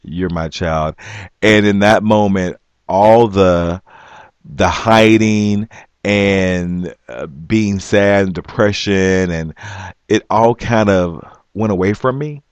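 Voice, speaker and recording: Low-voiced man telling a personal story. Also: clean tone, no echo. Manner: halting, with frequent restarts; earnest and emphatic. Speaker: vlogger.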